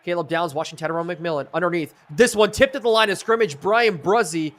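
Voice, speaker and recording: A man's voice: sits high, brisk. A young man streaming a football video game live, commenting on the plays and reading chat aloud. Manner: excitable, reads chat aloud.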